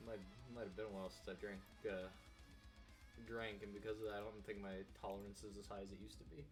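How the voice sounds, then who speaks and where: A man's voice: lowish voice, flat delivery, fast, over music. A man playing a tabletop game over a headset, chatting casually and joking with the group. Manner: joking, laughs often. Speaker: player.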